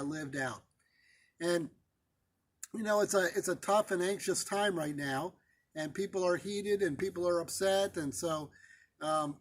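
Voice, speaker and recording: A male pastor telling a personal story in a sermon, conversational and halting, with many fillers and restarts. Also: high voice.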